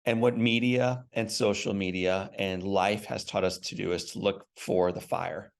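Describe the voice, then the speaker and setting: A man's voice: sits low, steady tone, unhurried, creaky. An earnest middle-aged man telling an emphatic personal story as a guest in an interview.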